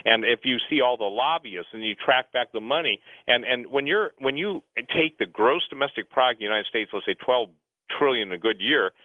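A man's voice: mid-range voice, animated, a little fast, no echo. A man talking at length as a guest on talk radio, rambling and urgent, often restarting his sentences. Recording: phone-line radio sound, dry.

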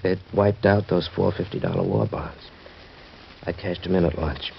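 A man's voice: low voice, fairly even intonation, normal speed, gravelly, a little hiss or hum. An actor playing a blunt, proud working-class man who talks in slangy, tough street talk, in 1940s radio acting style. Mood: weary. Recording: dull lo-fi old radio recording.

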